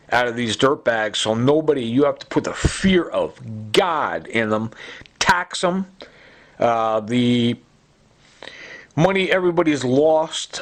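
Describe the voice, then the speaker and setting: A sleep-deprived man talking in a rambling, agitated monologue, halting and repeating himself with many fillers. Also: medium pitch. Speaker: vlogger.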